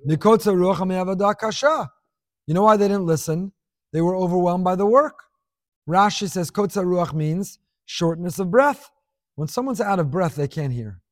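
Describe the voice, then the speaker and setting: A man's voice: high voice, moderate pace, dry recording, clean studio sound. A man giving a Torah class, teaching expressively with rhetorical questions and scattered Hebrew and Yiddish terms.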